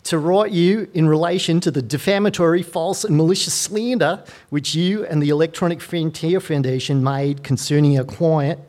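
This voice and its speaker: A man doing a mock Australian accent to voice a pompous lawyer reading out a demand letter, loud and exaggerated. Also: a little high, moderate pace, hardly any pauses, voice pushed up, close to an everyday voice. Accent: put-on Australian.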